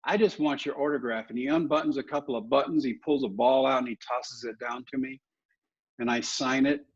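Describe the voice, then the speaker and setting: Middle-aged male guest, husky voice, lively anecdotal storyteller, slightly dull lo-fi audio. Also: mid-range voice, a little fast. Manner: animated anecdotes, acting out other people's lines. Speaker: guest, former ballplayer and motivational speaker. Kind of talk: casual storytelling in a podcast interview.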